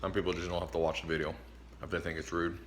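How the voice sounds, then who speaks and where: A man's voice: low voice, monotone, fast talker, slight background noise. A man giving casual motivational advice straight to the camera, emphatic and preachy, chuckling between points and eating as he talks. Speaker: vlogger giving life advice.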